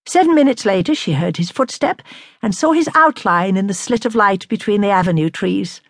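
A woman narrating a classic novel in a measured, expressive way. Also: medium pitch, dry recording, studio quality. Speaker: audiobook narrator.

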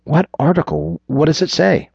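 A man voicing a frantic adult daughter who pleads with her angry father, his voice pushed higher. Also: moderate pace, creaky, darkish tone, husky, no room sound, exaggerated voice. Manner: pleading, rising to a higher pitch. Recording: dull lo-fi recording.

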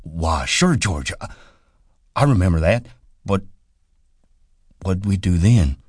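A man doing gentle childlike giant Lennie. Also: low-pitched, lively intonation, takes it slowly, husky, dry recording, clean studio sound, pitched above the performer's own voice, exaggerated voice. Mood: pleading. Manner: timid, pleading, simple. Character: big slow childlike man, gentle and forgetful. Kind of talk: audiobook character voice.

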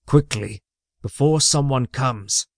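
A man's voice: medium pitch, takes it slowly, dry recording, clean studio sound. A man voicing an arrogant trickster god who sneers and hisses his threats. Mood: menacing. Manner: sneering, hissing.

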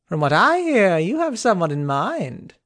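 Brief: man doing a jovial, needling knight for an audiobook; higher, bantering voice, dry sound. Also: big pitch swings, measured pace, a bit bright, dry recording, exaggerated voice. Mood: teasing. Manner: bantering, mocking. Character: jovial teasing male knight, brash and mocking.

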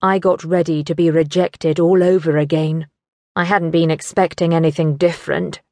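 A woman narrating a teen novel in first person, measured and wry. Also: low voice, little pitch movement, warm tone, no echo. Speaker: audiobook narrator. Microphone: studio microphone.

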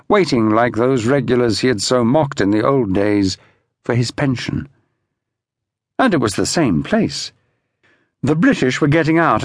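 A man narrates an audiobook, telling the story in a measured yet expressive way. His voice sits in the mid range, and the recording is dry with studio quality.

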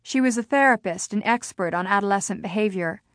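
A woman narrating a novel in the first person, with an even storytelling delivery. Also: mid-range voice, fairly quick, dry recording, clean studio sound. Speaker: audiobook narrator.

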